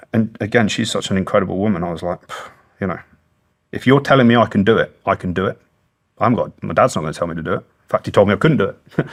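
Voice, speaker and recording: A British man in his thirties speaks as an interview guest, telling his story with a low voice. He is earnest and plain-spoken and swears freely as he talks. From Britain. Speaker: guest, former special forces soldier. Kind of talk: long-form interview storytelling.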